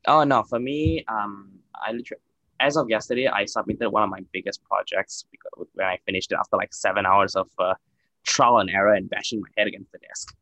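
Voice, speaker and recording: A man's voice: fairly low pitch, steady tone, brisk, sharp tone, dry recording, poor audio. A young man co-hosting a podcast in casual, joking chat, swearing freely and using lots of fillers. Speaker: podcast co-host.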